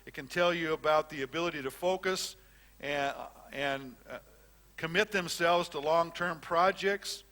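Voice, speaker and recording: Bright-voiced older man teaching a class. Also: on the high side, measured pace. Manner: conversational, repeats words and restarts, fillers. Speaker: Bible teacher. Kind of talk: classroom lecture on counseling.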